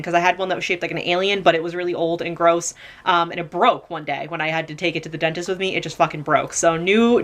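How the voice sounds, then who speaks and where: A woman's voice: on the low side, fairly bright tone. Chatty young woman rambling through a haul. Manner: chatty, rambling, swears casually, lots of "like". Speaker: vlogger. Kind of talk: casual haul vlog. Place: home room.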